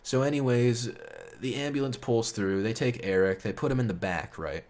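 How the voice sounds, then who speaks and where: A man's voice: mid-range voice, normal speed, darkish tone. A man telling a story in a casual, rambling, profane way, chuckling as he goes. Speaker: storyteller host.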